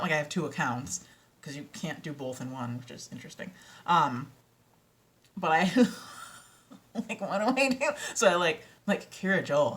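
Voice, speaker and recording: Young woman, low voice, excitable, giggly, rambling home vlog chat. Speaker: vlogger and audiobook narrator. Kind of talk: casual chat to camera. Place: at home, indoors.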